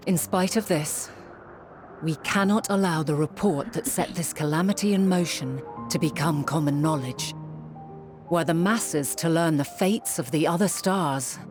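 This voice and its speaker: An actress playing a wise, motherly ancient leader in a game cutscene, speaking in measured, archaic formal phrasing. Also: deep voice. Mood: grave. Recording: game cutscene with music underneath.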